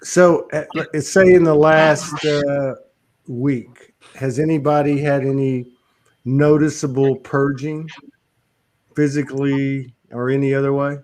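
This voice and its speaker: A man's voice: medium pitch, little pitch movement, slow, darkish tone. A man in casual group chat, laid-back and teasing.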